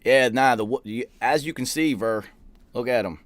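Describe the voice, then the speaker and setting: A man's voice: medium pitch, moderate pace, no echo. A man hosting a podcast, telling a story in a casual, profane, laid-back way and quoting the people in it. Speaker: podcast host.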